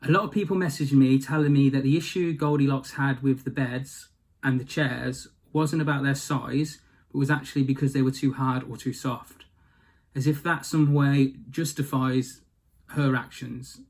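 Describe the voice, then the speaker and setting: A man retelling a fairy tale in a casual comic style, with deadpan asides and rambling detours. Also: medium pitch, moderate pace. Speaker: storyteller.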